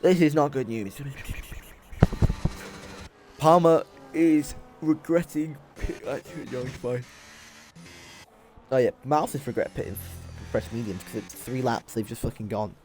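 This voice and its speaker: A young man giving excitable, sweary live commentary on a sim race while bantering with his chat. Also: mid-range voice, unhurried, pauses often, a little hiss or hum.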